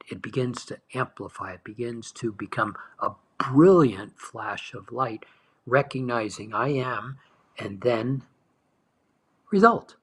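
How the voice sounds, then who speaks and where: A man leading a guided meditation talk as a spiritual teacher, speaking softly and slowly, lingering on words and sometimes dropping to a whisper. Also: mid-range voice, breathy edge. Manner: soft, slow, dwelling on words, dropping to whispers.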